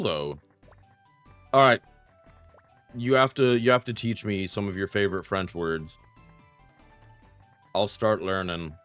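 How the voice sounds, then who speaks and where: A man's voice: low voice, slow, long pauses, fairly bright tone. A young man streaming a retro game, chatting casually and self-deprecatingly with his viewers while he plays. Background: faint game music.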